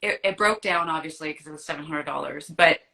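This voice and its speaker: A giggly woman guest talks candidly in a casual live-stream chat, with a bright, forward tone. She laughs easily at herself, speaking over a phone or computer mic. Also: sits low, fairly quick, gravelly, low-quality recording. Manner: giggly, candid and self-deprecating. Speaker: guest artist.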